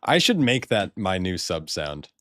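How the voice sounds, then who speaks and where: A man's voice: low voice, sing-song, unhurried, fairly bright tone, dry recording. A man streaming a video game in casual chat, swearing, laughing often and stammering when surprised.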